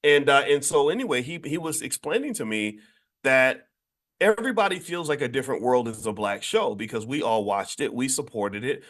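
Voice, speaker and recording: A man hosting a daily show, speaking unscripted to his audience at a middle pitch. He is emphatic and preachy, breaks off and restarts his sentences, and his voice leaps up sharply whenever he drives a point home. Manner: asks listeners to agree. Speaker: host of a daily finance show. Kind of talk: unscripted monologue to an online audience.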